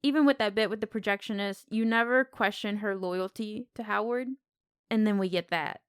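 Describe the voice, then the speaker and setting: A woman co-hosting a casual film podcast, talking in an animated, exclamatory way. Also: medium pitch, moderate pace, clean tone, no room sound, clean studio sound. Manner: animated, exclamatory, acts out quotes. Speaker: podcast co-host.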